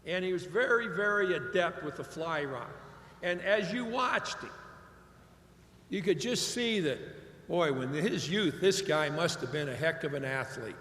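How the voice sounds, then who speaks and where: A man's voice: fairly high pitch, lively intonation, a little slow, a bit bright. Older man in an echoey hall. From Ohio. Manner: folksy storytelling, emphatic. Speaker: commencement speaker. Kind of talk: commencement speech. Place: large graduation venue.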